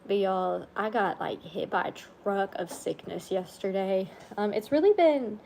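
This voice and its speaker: A woman's voice: mid-range voice, measured pace, gravelly, slight background noise. Tired woman on a livestream. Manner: rambling, yawning, soft-spoken asides. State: tired and under the weather. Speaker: vlogger on a livestream. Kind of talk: casual livestream chat.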